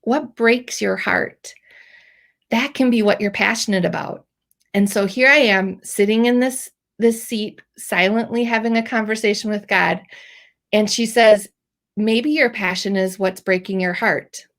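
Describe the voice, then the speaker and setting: A middle-aged woman hosts a podcast and shares a personal testimony about her faith, speaking in a mid-range voice at a moderate pace. She grows emotional and teary at times and uses many fillers.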